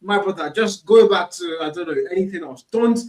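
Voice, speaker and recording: A man's voice: high voice, animated, fairly quick, creaky, darkish tone, roomy sound. A man co-hosting a casual gaming podcast, laid-back and teasing, often repeating his words. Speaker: caster and podcast co-host.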